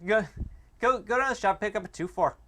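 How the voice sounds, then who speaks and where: A man's voice: high-pitched, quick pace, a crowd in the background, voice pushed up, lightly acted. A man putting on an exaggerated Canadian accent as a folksy beer-loving buddy. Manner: folksy, jokey.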